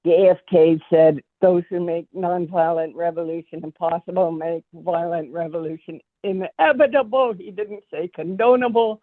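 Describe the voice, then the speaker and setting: A woman's voice: lowish voice, steady tone, moderate pace, hardly any pauses, dry recording. Earnest woman over a tinny phone line. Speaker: audience member asking a question. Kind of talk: question from the audience.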